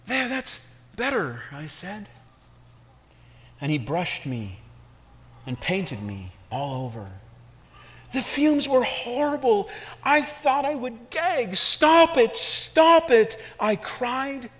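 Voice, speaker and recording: A man's voice: lively intonation, slow pace, pauses often. A man voicing a talking clay teacup that cries out and pleads through its shaping, told as a story within a sermon. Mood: pleading. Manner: high, strained, pleading cries.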